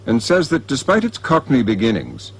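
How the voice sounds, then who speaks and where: A man narrating a documentary in a scripted, measured delivery. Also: mid-range voice, wildly swooping pitch. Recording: music bed under narration.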